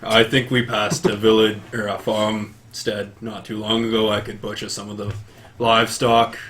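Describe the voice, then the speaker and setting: A man playing a tabletop game, talking in a flat, laid-back way. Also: on the low side, moderate pace, slight background noise. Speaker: player.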